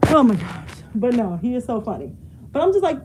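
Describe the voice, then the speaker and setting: A woman's voice: a little high, big pitch swings, brisk, very noisy. Chatty woman cleaning at home. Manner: chatty, laughs often, moves around the room. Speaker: vlogger. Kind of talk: casual chat while cleaning. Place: home, moving around rooms.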